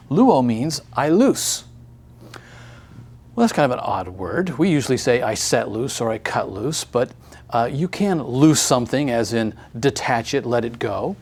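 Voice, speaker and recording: A man's voice: medium pitch, darkish tone, husky. A man teaching a recorded grammar lesson, friendly and upbeat, explaining step by step.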